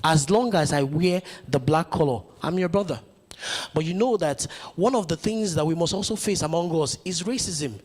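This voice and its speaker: A man giving a motivational conference speech, stirring the audience with rhetorical questions. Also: fairly high pitch. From Nigeria. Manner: rousing, full of rhetorical questions. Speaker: conference speaker.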